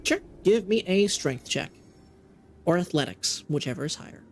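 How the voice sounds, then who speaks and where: A man running a tabletop game as game master, describing scenes in a halting way with many ums and restarts. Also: high voice, lively intonation.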